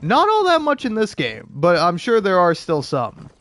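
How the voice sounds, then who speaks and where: A man's voice: high voice, huge pitch swings, moderate pace, fairly bright tone. A young man streaming a game, rambling in casual chat with lots of fillers and restarts, sarcastic and profane.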